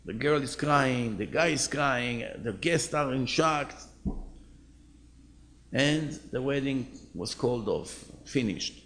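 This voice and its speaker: A man, a rabbi, telling a story as an animated storyteller in a sermon. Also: medium pitch, takes it slowly, a little hiss or hum.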